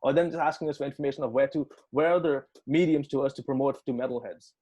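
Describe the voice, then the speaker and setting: A man telling a story as a guest in a casual interview, animated, swearing and repeating words when he gets excited. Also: mid-range voice, fast talker, poor audio. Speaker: metal band guitarist, interview guest.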